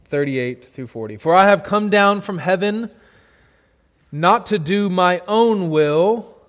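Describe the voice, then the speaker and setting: A pastor delivers a sermon in a fairly high voice for a man, building emphatically into loud, slow, forceful declarations before dropping to a quiet low. Now and then he calls out congregation members by name.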